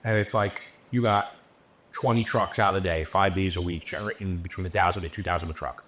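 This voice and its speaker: A man's voice: low voice, fairly quick, a little hiss or hum. A man who runs an entertainment business, telling stories as a podcast guest in a casual, profane way and acting out what people said. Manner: profane, animated, acts out quotes. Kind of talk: casual interview storytelling. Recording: roomy echo.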